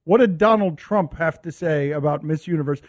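Excitable high-voiced male radio host. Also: brisk. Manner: excitable storyteller, laughs while talking. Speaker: radio sports show host. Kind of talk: animated radio banter.

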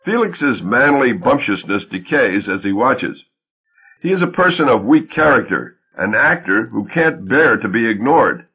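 Husky male audiobook narrator, tinny sound. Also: medium pitch, sing-song, unhurried.

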